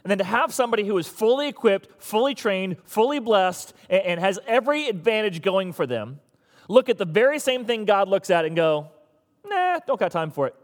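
A man's voice: sits high, expressive, fairly quick, in a large hall. A man preaching a sermon to his church in a conversational, teasing way. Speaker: pastor.

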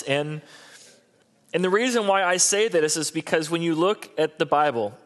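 A man's voice: fairly high pitch, normal speed. A middle-aged man preaching a sermon as a pastor, talking in a conversational, humorous and repetitive way.

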